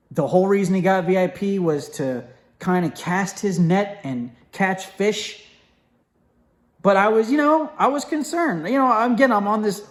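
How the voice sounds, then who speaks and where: A young man tells a personal story in a loose, casual way, with a voice that sits a bit high for a man. He keeps stopping to restart his sentences and drops into quick impressions of the people he talks about. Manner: animated, acts out quoted voices, many fillers and restarts.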